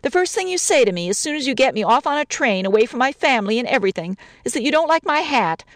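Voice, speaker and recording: A touchy young newlywed bride, read by a woman, with a lively, swooping voice. She rattles off quick, sarcastic complaints. The recording is close and dry. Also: sits high, no room sound. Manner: wounded, sarcastic, rapid rambling complaints. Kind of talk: dramatic story reading.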